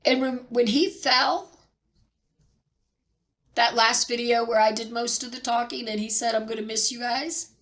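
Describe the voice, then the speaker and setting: A middle-aged woman telling a personal story near tears, halting and repeating herself with pauses. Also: a little high, fairly even intonation, fairly bright tone. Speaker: vlogger sharing personal loss. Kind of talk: tearful personal account.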